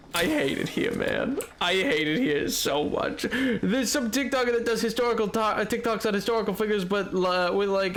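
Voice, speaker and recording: A young man with a cold, streaming a game live and talking with his chat in an animated, exasperated, joking way. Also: high-pitched, a little hiss or hum. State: has a cold. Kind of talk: live gameplay commentary.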